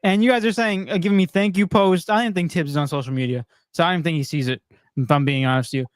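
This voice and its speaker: Male sports stream host, high voice, dry close sound, upbeat and chatty. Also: fairly even intonation, fast, no echo. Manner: upbeat, laughs often, talks to the chat. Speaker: podcast host. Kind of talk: casual sports chat on a livestream.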